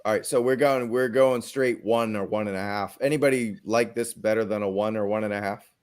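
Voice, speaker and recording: A man's voice: lowish voice, steady tone, brisk. A man hosting a casual toy podcast, blunt and joking, swearing and laughing as he runs the scoring. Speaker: podcast host. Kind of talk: casual chat.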